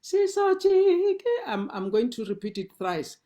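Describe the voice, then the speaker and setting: A woman's voice: fairly low pitch, takes it slowly, darkish tone. A South African woman leading a sing-along, teaching a song's words and pronunciation patiently, repeating syllables and restarting as she explains. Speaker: song leader. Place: indoors, online sing-along session.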